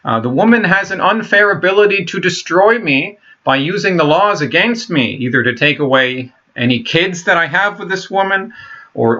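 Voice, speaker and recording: A man's voice: a little high, pushed and bright, dull audio. A man in his thirties talking in a rambling, blunt casual monologue, full of fillers, restarts and swearing. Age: 30s. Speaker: vlogger.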